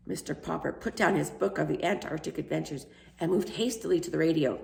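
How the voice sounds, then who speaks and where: Brief: storyteller woman, gravelly, low voice, roomy sound, children's book reading. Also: a little fast. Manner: lively, expressive. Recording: roomy echo.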